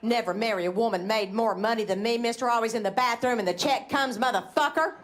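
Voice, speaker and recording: A woman with a Southern accent and a slightly high voice talks fast through a brash, profane stand-up set, mocking the voices she quotes. It's recorded live at a comedy club, with audience laughter and a noisy background.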